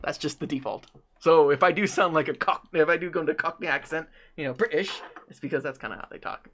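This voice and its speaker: A man running a tabletop game as game master, animated and rambling. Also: fairly high pitch, quick pace, a little hiss or hum. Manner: animated, rambling, laughs often.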